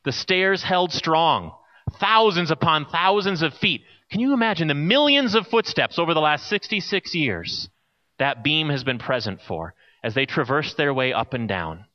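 A male pastor preaching an expressive sermon and telling stories, in a dull lo-fi recording. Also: medium pitch. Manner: expressive storyteller, softening to a quiet close.

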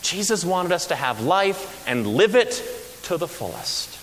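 A man's voice: fairly high pitch, measured pace. A man preaching a sermon as pastor, telling stories with humor and energy. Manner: animated storytelling with humor. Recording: echoey hall with faint hiss.

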